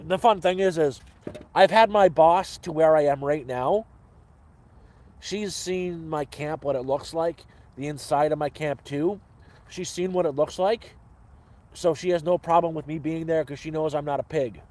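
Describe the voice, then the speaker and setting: A man chats loosely to his live-stream viewers, wandering from one thought to the next in an upbeat, profane way. His voice sits a little higher than most men's. He talks out at his camp. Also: a little slow, darkish tone. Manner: rambling, upbeat, swears freely. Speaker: cooking stream host.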